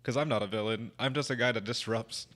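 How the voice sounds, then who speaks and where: A man's voice: medium pitch, fast talker, fairly bright tone. A man hosting a casual gamer podcast, joking bluntly with plenty of swearing.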